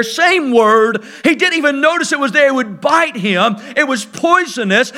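A man preaching a sermon, shouting some points and dropping to near quiet for others. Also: sits high. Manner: swings between loud shouted emphasis and sudden quiet drops.

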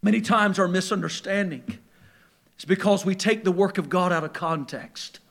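A man preaching a sermon, moving between quiet, low passages and loud, shouted peaks, acting out voices as he tells stories. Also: moderate pace, gravelly. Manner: acts out quoted voices in storytelling.

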